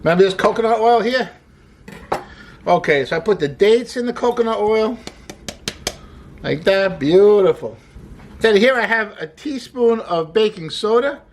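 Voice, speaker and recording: A man's voice: high voice, expressive, measured pace, pauses often, a little hiss or hum. A man hosting a casual cooking demonstration, chatty and upbeat as he explains each step while he works. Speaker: cooking show host. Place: home kitchen.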